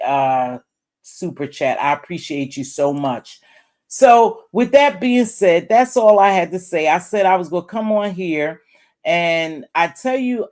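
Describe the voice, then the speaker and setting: A woman's voice: low-pitched, darkish tone. Rambling woman live-streaming commentary. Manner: rambling, talks straight to chat and other creators; calls viewers terms of endearment.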